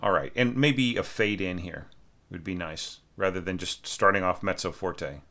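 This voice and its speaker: Low-voiced male music teacher, bright forceful tone, casual score critique, scats rhythms. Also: normal speed. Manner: thinking aloud, many fillers, sings rhythms as syllables. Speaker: orchestration teacher reviewing a student score.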